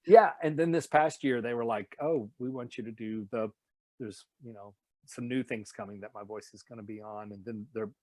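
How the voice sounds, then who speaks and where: A man's voice: lowish voice, moderate pace, darkish tone, dry recording. A man from Nashville in a casual interview, animatedly telling stories about his voice work and sometimes slipping into announcer voices. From Nashville, USA. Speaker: voice actor and singer, guest.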